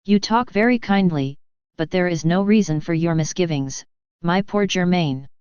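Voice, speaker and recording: A woman reading the lines of a gentle, teasing young shepherdess girl in an audiobook. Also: lowish voice, moderate pace, smooth, dry recording, muffled recording, natural voice.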